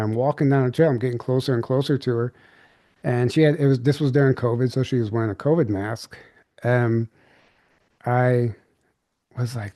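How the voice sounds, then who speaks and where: A man appears as a podcast guest, telling a candid story in a rambling way full of fillers, false starts and restarts. His mid-range voice is mellow and dark, recorded dry and close with no room sound.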